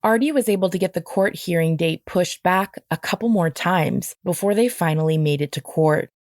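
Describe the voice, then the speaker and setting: A woman narrating a true-crime podcast in a measured, matter-of-fact scripted delivery. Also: lowish voice, a little mellow, no echo.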